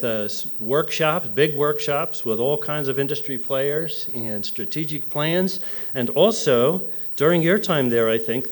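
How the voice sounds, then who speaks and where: A middle-aged man from New Jersey giving a conference talk, telling stories with humor and acting out quotes in other voices. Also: medium pitch. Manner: animated storyteller, mimics voices in quotes. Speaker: conference speaker. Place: conference hall.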